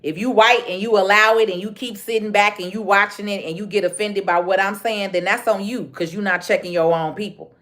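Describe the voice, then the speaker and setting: A woman's voice: medium pitch, fairly even intonation, brisk, few pauses, a bit bright. Blunt Chicago woman ranting on a livestream. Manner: blunt, repetitive, street-slang. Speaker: livestream host. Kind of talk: casual livestream rant.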